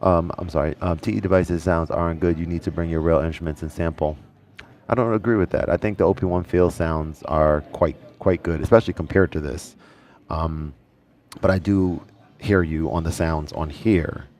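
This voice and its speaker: A man hosting a casual music livestream, thinking out loud and chatting with viewers in the comments. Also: low-pitched, fairly even intonation, normal speed. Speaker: livestream host.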